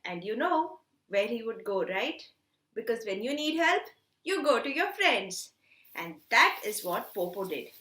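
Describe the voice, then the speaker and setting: Animated woman telling a kids' story. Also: a little high, a little slow, echoey room. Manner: animated, asks children questions. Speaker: storytelling teacher. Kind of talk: storytelling for children.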